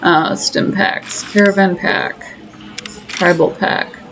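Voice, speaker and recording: Brief: woman gamer, casual play-by-play, gravelly edge, soft music underneath. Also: lowish voice, fairly even intonation, slow, rough recording. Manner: chatty, self-mocking running commentary. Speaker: gaming streamer. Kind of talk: casual let's-play commentary.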